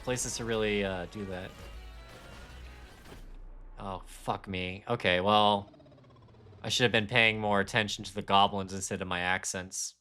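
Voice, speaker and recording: A man's voice: lowish voice, steady tone, unhurried, long pauses, sharp tone, smooth, soft background music. A man streaming a game live, chatting casually in a rambling, self-deprecating way. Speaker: gaming streamer. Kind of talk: casual live-stream chat while gaming.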